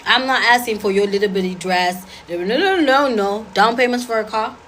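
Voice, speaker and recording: A woman talks straight to a live audience, blunt and sassy, firing off her dating rules. Her voice sits at an everyday middle pitch. A faint hum of noise hangs behind her. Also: a bit bright, rough recording. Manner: blunt, sassy, rapid-fire. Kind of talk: casual talk to an audience.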